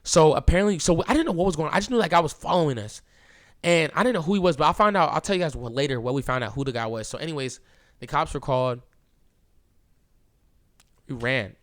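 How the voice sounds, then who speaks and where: A young man hosting a podcast, telling a story in a casual, animated way and filling it with "bro" and "like.". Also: a little high, quick pace, long pauses. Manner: animated, keeps saying "bro" and "like"; acts out quoted lines, drops to a hushed voice at times. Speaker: podcast host.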